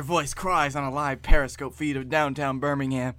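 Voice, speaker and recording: A man's voice: mid-range voice, flat delivery, moderate pace, few pauses, a bit bright, smooth, no echo. A man co-hosting a comedy podcast, dramatically narrating a story he wrote, close to the mic. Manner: dramatic narration, breaks into laughter. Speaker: co-host and story reader.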